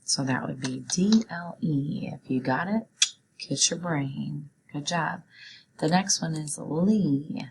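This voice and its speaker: A woman teaching young children a phonics lesson, speaking clearly and encouragingly as she walks them through sounds and words. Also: sits low, takes it slowly, noisy background.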